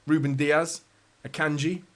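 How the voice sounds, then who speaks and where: A man's voice: on the high side, little pitch movement, unhurried. A man hosting a live match watchalong, chatting casually with viewers, bantering and swearing lightly. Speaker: fan channel host.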